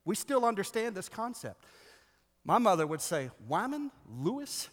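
A man preaches a sermon, lively and full of joking asides to his listeners. His voice sits a little high for a man. The sound carries a long reverb, like a large hall. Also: normal speed. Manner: animated, joking asides to the congregation. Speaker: pastor.

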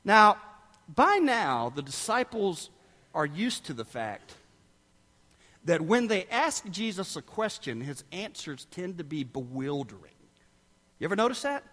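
Guy preaching a sermon, high voice, long echoey church hall. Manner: animated storytelling, acting out quotes.

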